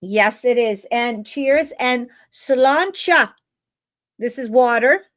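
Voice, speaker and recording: Woman host, tarot reader, casual live-stream chat; blunt and sweary, voice sitting a little high. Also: slow pace, fairly bright tone. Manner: chatty, blunt, swears freely, keeps asking "right?".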